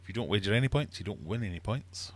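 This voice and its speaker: Brief: male livestream quizmaster, lowish voice, playful and teasing, fish room. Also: animated, fast talker. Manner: playful, teasing, mock-uppity. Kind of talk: live-streamed quiz chat.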